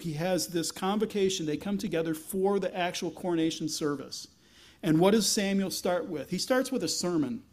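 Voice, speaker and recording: High-voiced man preaching a casual sermon. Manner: conversational, wry, animated when reading scripture. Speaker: pastor.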